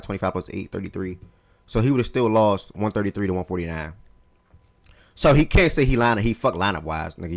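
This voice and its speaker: A man hosting a casual fantasy football talk show, animated and profane, swinging between heated outbursts and low mutters. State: eating oatmeal while talking. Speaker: podcast host.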